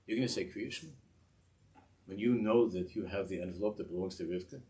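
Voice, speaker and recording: A man's voice: on the low side, a little fast, close to an everyday voice. A man voicing God, stern and rebuking. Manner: rebuking, growing louder.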